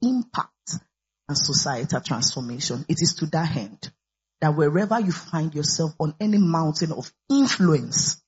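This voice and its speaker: A woman's voice: low-pitched, darkish tone, husky. A woman pastor preaching a sermon, peppering her words with hallelujahs. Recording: dull lo-fi recording with faint music.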